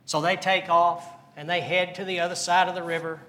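Bright-voiced preacher man. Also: high-pitched, flat delivery, brisk. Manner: earnest preaching with rhetorical questions and repetition. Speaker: pastor. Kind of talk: sermon.

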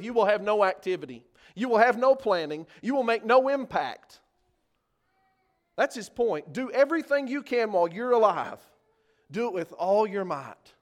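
A male preacher giving an earnest sermon on a scripture passage, building in force on key points. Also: sits high.

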